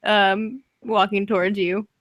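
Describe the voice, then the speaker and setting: A woman's voice: mid-range voice, flat delivery, slow pace, no echo. A young woman narrating as game master, laughing often as she goes.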